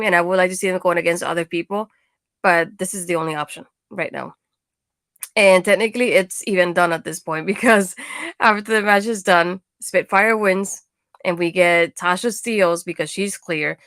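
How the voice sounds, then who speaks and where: Woman, lowish voice, dry close sound, giggly wrestling co-host. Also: a bit bright, dry recording. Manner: enthusiastic, giggly. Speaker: co-host, women's wrestling reporter. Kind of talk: casual chat.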